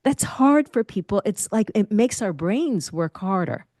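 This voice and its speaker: A middle-aged woman, a speaking confidence coach, giving lively advice in an interview and demonstrating different voice habits. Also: medium pitch, measured pace, no echo, studio quality.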